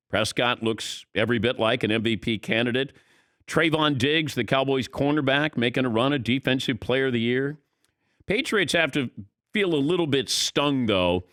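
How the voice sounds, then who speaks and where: Animated man hosting sports radio. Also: medium pitch, dry recording, studio quality. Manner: animated, conversational, opinionated. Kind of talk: sports talk radio commentary.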